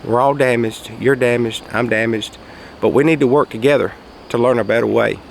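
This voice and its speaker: A man telling a folksy story outdoors in a casual monologue, raising his voice for quoted shouts. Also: medium pitch, brisk, gravelly, slight background noise. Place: outdoors, quiet spot near traffic.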